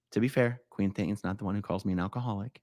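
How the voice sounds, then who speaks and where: A man's voice: fairly low pitch, a little mellow, dry recording. A man hosting a casual live stream, rambling and self-correcting as he reads viewer comments, often laughing.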